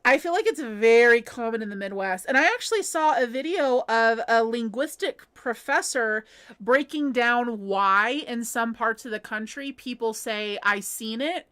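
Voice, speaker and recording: An American woman hosts a casual livestream from home, chatting and answering viewer comments in a slightly high, somewhat bright voice with lively intonation at normal speed. She laughs often and says "like" a lot.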